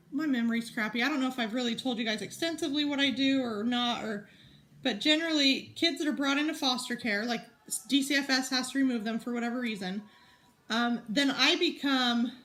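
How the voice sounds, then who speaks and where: A woman's voice: fairly high pitch, slight background noise. Chatty woman, rambling mom vlogger. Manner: rambling, animated storyteller with many fillers. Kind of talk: casual chatty vlog while crafting.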